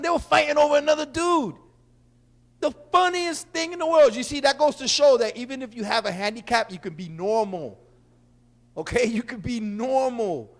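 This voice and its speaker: A brash man from Puerto Rico hosting a comic monologue, his voice sitting very high for a man. He jokes loudly and breaks into sudden shouted bursts. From Puerto Rican. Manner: brash, joking, loud bursts. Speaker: host. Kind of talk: stand-up style monologue.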